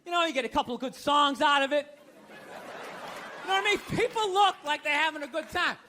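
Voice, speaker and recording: Stand-up man, very high bright tenor, sarcastic ranting, live stage mic with a faint crowd. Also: fast talker, a little hiss or hum. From United States. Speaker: stand-up comedian. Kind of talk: stand-up routine. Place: comedy stage before a live audience. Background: audience laughter.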